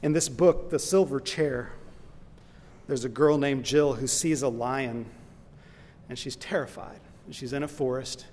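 A man's voice: mid-range voice, fairly even intonation, moderate pace, a little mellow. A man preaching a sermon, earnest and emphatic, who builds into impassioned lists and retells a story along the way. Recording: long reverb in a large hall.

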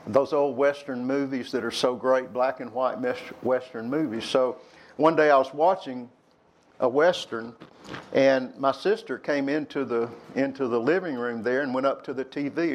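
With a mid-range voice, an older man shares frank stories from his life with a young audience. He wanders off track now and then and gets loud when reenacting past arguments. There's a little hiss or hum on the recording.

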